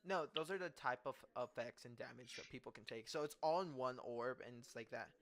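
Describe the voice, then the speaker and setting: A man's voice: mid-range voice, brisk, fairly bright tone. A young man running a tabletop game as game master, casual and swearing, stumbling over words. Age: young adult.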